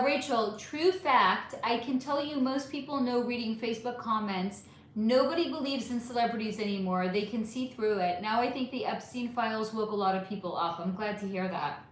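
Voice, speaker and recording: Chatty woman streamer, echoey room. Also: fairly high pitch. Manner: chatty, animated, answers viewer comments one by one. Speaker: livestream host reading chat. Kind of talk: casual livestream chat.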